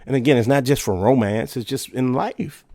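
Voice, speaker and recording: A man's voice: medium pitch, moderate pace, mellow, dry recording, clean studio sound. A man in his thirties hosting a solo podcast, talking casually and emphatically and asking rhetorical questions. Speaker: podcast host.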